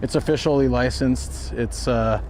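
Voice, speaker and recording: A man chats loosely to his live-stream viewers while out and about, laughing easily between thoughts. His nose sounds a little stuffed up, and his voice sits at an ordinary middle pitch. A faint hiss of background noise runs under the recording. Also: normal speed. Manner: relaxed, chatty, laughs often. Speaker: travel vlogger streaming live. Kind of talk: casual live-stream chat. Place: walking around shops and a car outdoors.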